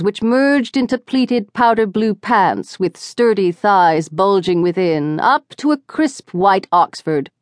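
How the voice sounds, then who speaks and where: Expressive woman narrating a novel. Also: mid-range voice, dry recording, studio quality. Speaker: audiobook narrator. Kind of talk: scripted narration.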